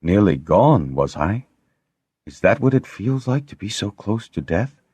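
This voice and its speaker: A man's voice: fairly low pitch, very animated, a little slow, darkish tone, breathy edge, no room sound, exaggerated voice. A man voicing an old male harper who is weak, tired and wry, his voice faint. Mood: weary.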